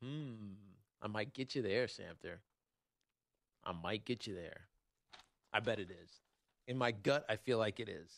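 A man hosting a sports talk show, rambling and joking in a casual, animated way with lots of fillers. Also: fairly low pitch, a little slow, vocal fry, pauses often, no room sound. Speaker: sports radio host.

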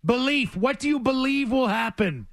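A man's voice: extremely high pitch, expressive, normal speed, gravelly, dry recording. A man hosting sports talk radio, arguing his point emphatically and needling his co-hosts.

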